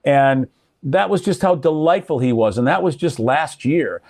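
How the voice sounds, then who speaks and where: Animated older male radio storyteller. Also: a little high, moderate pace, no room sound, clean studio sound. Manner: animated storyteller, acts out quoted people. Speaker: radio personality and guest. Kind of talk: casual conversation, storytelling.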